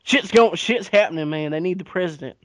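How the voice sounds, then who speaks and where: A podcast co-host casually retells history, peppering it with profanity and acted-out dialogue. His voice is high-pitched and fairly quick, and the recording is dull and lo-fi, though without echo.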